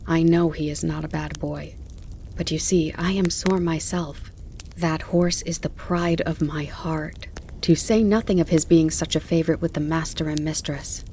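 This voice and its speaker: A woman reading the part of an earnest male groom in an audiobook, speaking slowly and softly, then loudly and indignantly. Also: sits low, steady tone. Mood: sorrowful, hushed. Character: kind earnest male groom, working man. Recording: faint crackling campfire behind.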